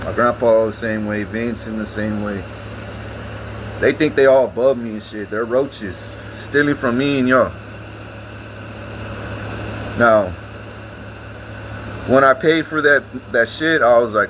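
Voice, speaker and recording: A man's voice: mid-range voice, slow pace, long pauses, a bit bright, a little hiss or hum, poor audio. A man, ranting casually to his vlog audience, swearing often and repeating himself. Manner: profane, rambling, repeats himself. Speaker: vlogger.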